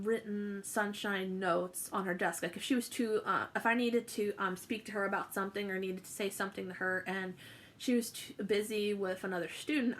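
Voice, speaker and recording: A woman's voice: mid-range voice, sharp tone, slight background noise. A young woman telling a personal story to camera, chatty and emotional, with many fillers and restarts. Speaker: vlogger.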